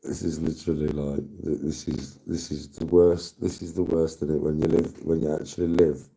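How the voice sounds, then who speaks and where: A man's voice: very deep voice, little pitch movement, moderate pace, vocal fry, warm tone. A man live-streaming, chatting to his viewers in casual banter, laughing often and swearing freely.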